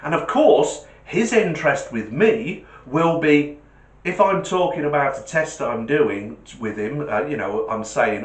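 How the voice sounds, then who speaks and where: A man's voice: a little high, animated, unhurried, roomy sound. A man hosting a car channel, chatting casually to camera and joking with viewers. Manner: chatty, jokey, asks viewers directly.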